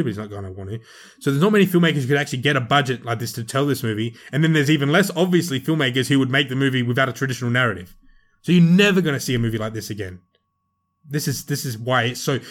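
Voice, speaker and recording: A man co-hosting a film podcast, talking in an animated, rambling way with strong emphasis. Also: mid-range voice. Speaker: podcast co-host, film reviewer. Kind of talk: casual chat.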